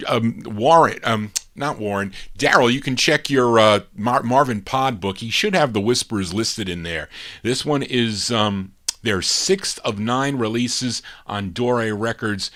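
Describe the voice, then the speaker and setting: A man's voice: medium pitch, measured pace, fairly bright tone. A man hosting a record show, introducing songs in casual, chatty patter and correcting himself along the way. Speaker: radio show host spinning records.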